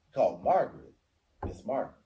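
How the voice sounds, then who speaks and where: In a reverberant recording, a middle-aged podcast host with a dark, mid-range voice talks quickly, his pitch swinging widely. Caught up in a heated, informal debate, he makes his case forcefully and mimics other people's words to illustrate.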